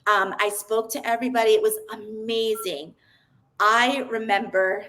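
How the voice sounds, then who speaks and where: A woman's voice: fairly high pitch, fairly even intonation, normal speed, pushed and bright, low-quality recording. A woman, a podcast guest, telling her personal story in an earnest, open way, often restarting her sentences.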